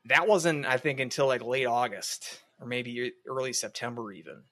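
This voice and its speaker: A man's voice: medium pitch, moderate pace, sharp tone. A man co-hosting a sports podcast, talking through recruiting in a casual, analytical way with frequent restarts. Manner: analytical, hedging with many restarts. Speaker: podcast co-host.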